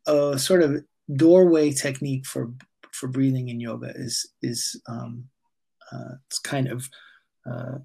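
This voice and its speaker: A male yoga teacher, being interviewed, guides a breathing exercise calmly and haltingly, leaning on many fillers. He has a mid-range voice with vocal fry and a slight roughness.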